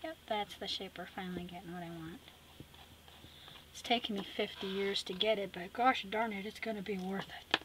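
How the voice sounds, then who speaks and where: A middle-aged woman hosting an art tutorial, chatty and teasing, narrating as she paints and dropping into soft whispered asides. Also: medium pitch, steady tone, normal speed, noisy background.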